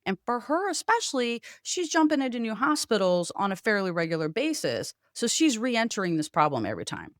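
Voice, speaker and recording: A woman's voice: a little high, fairly quick, hardly any pauses, no room sound, studio quality. A woman hosting a solo podcast, telling stories and acting out both sides of the conversations. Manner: animated storytelling, acts out both sides of conversations. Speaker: podcast host.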